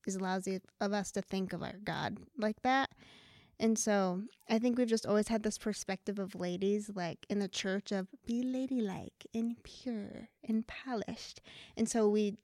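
An earnest young woman chatting casually, her voice carrying a strong gravelly fry. The recording is dry and close. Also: mid-range voice, measured pace, a little mellow, no echo. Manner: earnest, chatty, lots of "like" and "you know". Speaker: co-host. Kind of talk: casual faith discussion.

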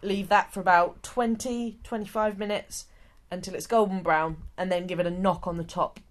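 A woman's voice: lowish voice, steady tone, normal speed. A woman co-hosting a podcast, explaining things step by step in a chatty, joking way. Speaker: podcast co-host. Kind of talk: casual chat.

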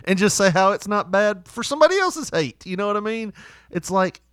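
Lively man spinning stories. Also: high voice, a little fast, smooth, dry recording, clean studio sound. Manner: animated, laughs often while telling stories. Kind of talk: casual storytelling chat.

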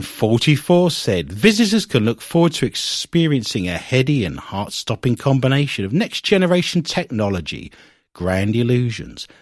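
A man's voice: mid-range voice, no room sound, clean studio sound. A man from Britain co-hosting a casual chat, reading news aloud and cutting in with sarcastic, mocking asides. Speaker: podcast co-host.

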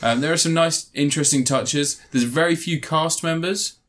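Brief: male film-chat host, sarcastic, rambly, slips into quick silly voices. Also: fairly high pitch, a bit bright. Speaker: film reviewer. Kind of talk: casual film recap chat.

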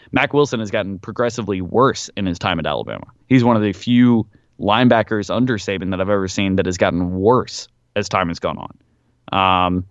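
A man's voice: on the low side, no echo, muffled recording. A man co-hosting a casual sports podcast, rambling through his points with lots of fillers and a bit of argumentative edge. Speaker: podcast co-host.

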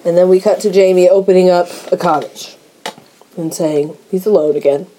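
Woman, podcast co-host, warm and mellow tone, casual scene-by-scene recap with quick jokes. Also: on the low side, steady tone, slight background noise. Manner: recaps scenes with quick asides and frequent laughter. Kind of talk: casual chat.

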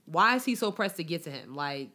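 A woman's voice: sits low, sing-song, a little fast, sharp tone. A woman co-hosting a casual podcast, chatting animatedly and sharing lots of fan theories about a TV show. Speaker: podcast co-host. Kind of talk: casual chat. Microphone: studio mic.

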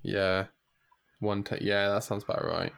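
A man's voice: on the low side, little pitch movement, unhurried, creaky, a bit bright, smooth. A man co-hosting a podcast in upbeat, chatty conversation. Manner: upbeat, chatty, says "mate" often. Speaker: podcast co-host. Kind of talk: casual chat.

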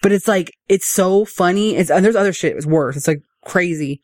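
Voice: medium pitch, normal speed, no room sound, studio quality. A co-host telling a story in a casual podcast chat, with lots of "like".

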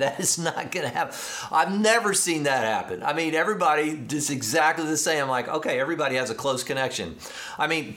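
A man preaching a sermon, telling a story with animated, acted-out dialogue and excited emphasis. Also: medium pitch. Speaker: pastor.

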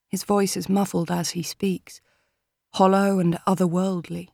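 A woman reading an audiobook in a measured, steady manner. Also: on the low side, vocal fry, no room sound, studio quality. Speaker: audiobook narrator. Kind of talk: audiobook narration.

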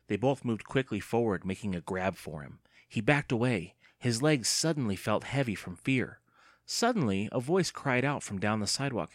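A man narrating an audiobook in an expressive storytelling manner. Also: lowish voice, moderate pace, no echo, studio quality.

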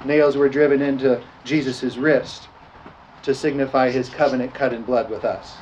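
A man's voice: medium pitch, steady tone, moderate pace, a little mellow, dull audio, a little hiss or hum. A man preaching a sermon and leading communion prayer, drawing out scripture words and calling for responses. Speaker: pastor.

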